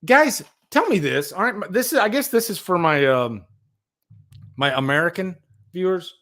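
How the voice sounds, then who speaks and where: A man's voice: high voice, animated, moderate pace, fairly bright tone. A man hosting a casual live stream, rambling with enthusiasm and talking to viewers in the chat. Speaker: livestream host.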